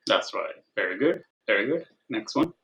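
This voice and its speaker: A man's voice: fairly low pitch, big pitch swings, moderate pace, pushed and bright, low-quality recording. A man tutoring algebra over a video call, patient, repeating his prompts and checking for understanding. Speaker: math tutor. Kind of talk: online tutoring session.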